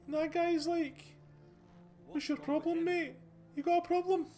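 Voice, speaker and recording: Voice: very high voice, steady tone, measured pace, warm tone, soft background music. A host with a Scottish accent giving casual, rambling commentary over gameplay, chatty and full of restarts. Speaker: gaming channel host.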